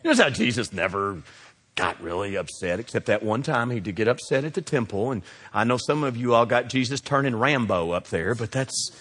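A middle-aged man, preaching a sermon that swings between loud exhortation and hushed asides. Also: medium pitch, expressive, fairly quick, in a large hall. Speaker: pastor.

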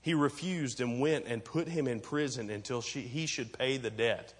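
A man's voice: mid-range voice, moderate pace, breathy edge. A man preaching a sermon as pastor, talking conversationally, explaining and asking rhetorical questions, then building to emphatic points. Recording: long reverb of a large hall.

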